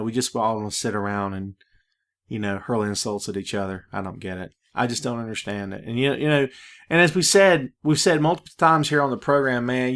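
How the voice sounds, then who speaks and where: A podcast host with a medium-pitched, fairly bright voice runs a solo show in a laid-back, casual style. Sounding out of breath, he keeps throwing in "man" and drifts into friendly preaching.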